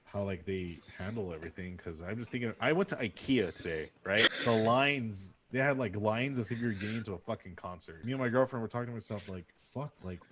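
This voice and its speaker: A man's voice: on the low side, brisk, hardly any pauses, noisy background. A young man co-hosting a podcast, rambling through casual chat with fillers and swearing. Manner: rambling, filler-heavy, profane. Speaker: podcast co-host.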